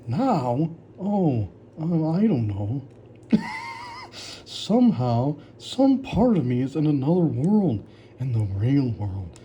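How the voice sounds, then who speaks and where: A man's voice: on the high side, big pitch swings, slow, dark tone, slight background noise. A man in casual commentary, reacting sarcastically to his own old writing, mocking it and laughing often. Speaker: author reviewing his old story.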